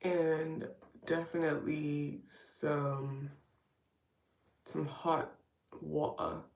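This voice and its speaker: A woman's voice: sits low, little pitch movement, very slow, creaky, darkish tone. Woman yapping thru her makeup live, roomy room, sits back from the mic. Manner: chatty, rambling, wry asides. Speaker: vlogger doing a live get-ready stream. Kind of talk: casual chat while doing makeup. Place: at home getting ready. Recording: roomy sound from a distance.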